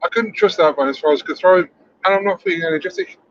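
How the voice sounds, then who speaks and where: A man's voice: high voice, racing, a bit bright. Man with dry remarks, lo-fi. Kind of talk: casual chat. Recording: dull lo-fi recording with faint noise.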